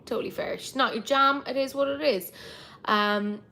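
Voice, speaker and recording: An Irish woman hosting a live chat with viewers, talking in a chatty, lively way with lots of asides. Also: high voice, unhurried, a little hiss or hum. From Ireland. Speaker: livestream host.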